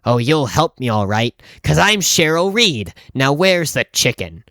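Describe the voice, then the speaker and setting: A man voicing a pushy, deadpan woman shopper who turns furious, in a storytime video. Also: medium pitch, measured pace, no room sound, studio quality, full character voice. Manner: flat, demanding, then snapping.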